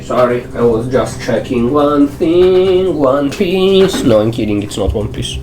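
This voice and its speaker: A man's voice: medium pitch, lively intonation, a little slow, few pauses. Young man, game streamer, casual commentary, playful, swears a lot, faint music behind. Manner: playful, blunt, swears freely.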